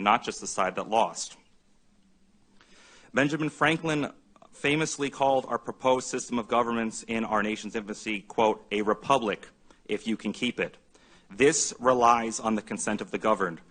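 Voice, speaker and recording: A man reading a prepared, formal statement as a witness at a public hearing, measured and deliberate. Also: lowish voice, fairly bright tone.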